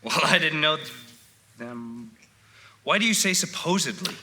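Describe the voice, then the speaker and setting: A man's voice: fairly high pitch, animated, unhurried, bright, forceful tone, full character voice. A young actor playing an earnest, slightly pompous young man in a stage musical. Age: young adult. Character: earnest young man, son of a dragon slayer.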